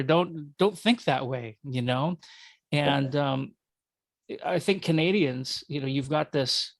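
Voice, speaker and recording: A man's voice: on the high side, slow, gravelly, pauses often, no echo. A man with a Minnesota accent, a guest talking casually, rambling with self-corrections and jokes. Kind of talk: conversational interview.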